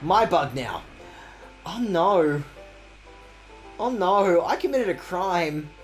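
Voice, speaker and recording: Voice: expressive, slow, soft background music. A streamer giving casual, rambling let's-play commentary, swearing and mocking themself. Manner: rambling, crude, self-mocking jokes, swinging pitch. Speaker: game streamer.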